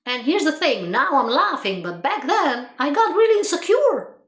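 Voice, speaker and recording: A high, fairly bright female voice moves at a moderate pace with big swings in pitch. In an echoey room, she gives an earnest motivational monologue, laughing at her own tales and repeating phrases to drive them home.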